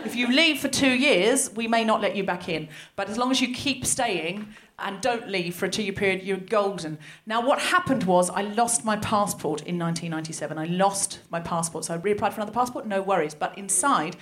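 An Australian woman in her thirties doing stand-up storytelling for a live audience, animated and self-mocking, often laughing through her lines. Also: medium pitch, a little fast, few pauses. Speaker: comedy podcast host. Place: large hall with live audience.

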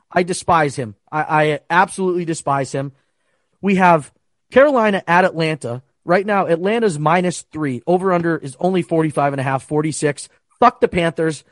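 A young man talks sports bets in a heated, profane rant. His voice sits on the higher side. The sound is dry and close, with no room around it. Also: a little fast, no room sound. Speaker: sports betting podcast host. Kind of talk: casual sports betting talk.

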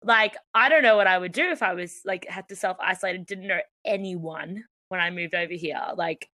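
A woman's voice: lowish voice, a little fast, dry recording. An Australian woman co-hosting a podcast, chatting casually and acting out little dialogues. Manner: animated, acts out little dialogues. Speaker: podcast co-host. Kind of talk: casual chat.

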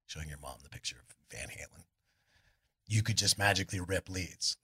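A middle-aged man with a Californian accent, telling rambling, animated stories at a live on-stage interview in a club, bursting loudly into quoted lines. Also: fairly low pitch, a little fast, slightly rough. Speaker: guest, rock singer.

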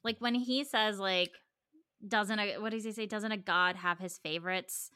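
A woman in a casual chat who chimes in quickly. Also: medium pitch, steady tone, crowd noise.

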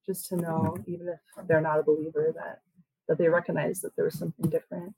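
A woman's voice: deep voice, flat delivery, quick pace, gravelly, mellow, husky, no echo, low-quality recording. A woman musician talking casually in an interview, chatty and loose, with lots of filler words. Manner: chatty, full of "like" and "you know" fillers. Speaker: musician and band member.

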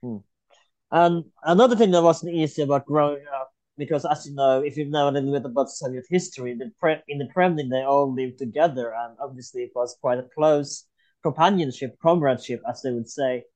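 A man's voice: mid-range voice, a little fast, a little mellow, poor audio. A man hosting a history podcast interview, thinking aloud and often trailing off and restarting his sentences. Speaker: podcast host.

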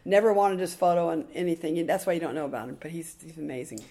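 An older woman telling stories as a podcast guest, excitable and animated, acting out the voices of the people she quotes. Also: sits low, fast talker. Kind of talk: casual storytelling interview.

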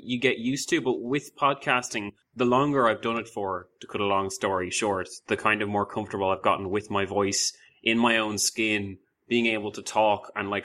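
A man hosts a podcast in easy, rambling conversation, often restarting his sentences and poking fun at himself. His voice sits a little low but sounds bright and forward. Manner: rambling, self-deprecating, many restarts. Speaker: podcast host. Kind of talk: casual conversation.

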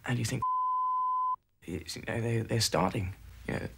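A man recounting a personal ordeal in halting testimony, full of fillers and restarts. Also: on the low side, vocal fry, very noisy. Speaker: interviewee recalling captivity.

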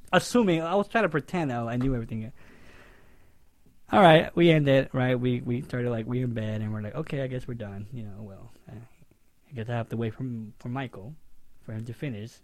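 A young man co-hosting a podcast, telling a story with lively, loudly acted-out quotes. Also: mid-range voice, fairly quick, dry recording. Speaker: podcast co-host. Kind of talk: casual storytelling chat.

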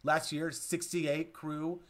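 A man reciting a grieving male president's bitter tirade against God, speaking low and accusingly. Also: flat delivery, takes it slowly, lightly acted.

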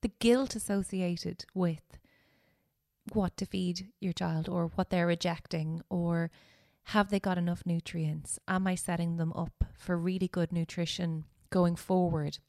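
A woman's voice: on the low side, steady tone, a little slow, a little mellow, dry recording, clean studio sound. A woman hosting an interview, reflective and encouraging in casual chat. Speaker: podcast host.

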